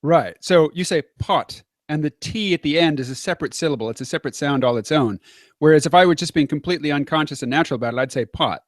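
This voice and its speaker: Measured American man, dry close sound. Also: a little high, dry recording. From United States. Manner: measured, explanatory, with hesitant fillers. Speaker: conversation partner. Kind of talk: casual chat.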